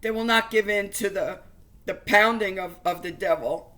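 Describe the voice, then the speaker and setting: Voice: medium pitch, normal speed, pushed and bright. A religious vlogger giving an emotional personal testimony to viewers, speaking earnestly and fervently with stumbling restarts.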